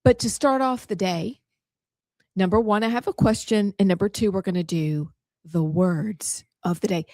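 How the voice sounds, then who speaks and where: A woman's voice: mid-range voice, normal speed, darkish tone, no room sound, studio quality. Chatty middle-aged woman host. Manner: playful, chatty banter. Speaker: show host. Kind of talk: casual chat.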